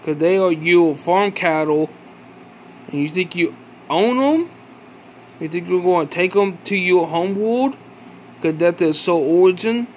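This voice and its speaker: A man giving an angry, profane vlog rant, accusing and questioning with halting restarts. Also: high voice, a little hiss or hum. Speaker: vlogger. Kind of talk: angry ranting monologue.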